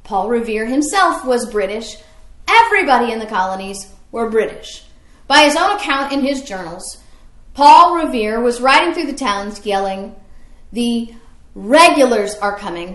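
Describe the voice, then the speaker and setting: A woman's voice: on the high side, lively intonation, moderate pace, a bit bright, echoey room. A woman teaching history as a story, asking her listeners questions along the way. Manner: storytelling, asks the audience questions.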